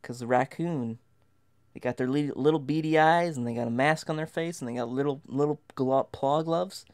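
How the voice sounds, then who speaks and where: A man's voice: mid-range voice, moderate pace, darkish tone. A man telling a comic tall tale as a dramatic monologue, stammering and restarting often. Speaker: storyteller.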